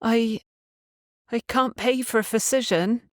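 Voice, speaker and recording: A woman voicing a wary, injured young woman who speaks haltingly and hesitantly. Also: on the high side, fairly even intonation, no echo, clean studio sound, voice pushed up.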